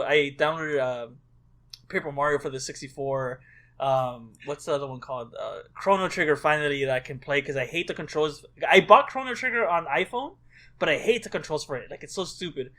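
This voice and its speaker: Excitable, foul-mouthed man, fairly high voice. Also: fairly quick. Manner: excitable storyteller, swears a lot. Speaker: podcast co-host. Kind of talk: casual chat.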